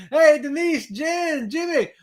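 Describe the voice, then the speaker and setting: Man, livestream host, high animated voice, whooping and laughing, casual chat. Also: moderate pace. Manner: excitable, drawling, whoops and laughs often.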